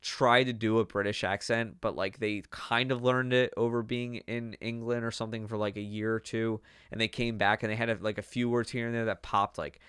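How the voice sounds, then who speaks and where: A man's voice: fairly low pitch, flat delivery, a little fast, hardly any pauses, fairly bright tone, smooth, dry recording, clean studio sound. A young man hosting a podcast, chatting casually in a rambling way with lots of fillers. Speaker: podcast host. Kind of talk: casual chat.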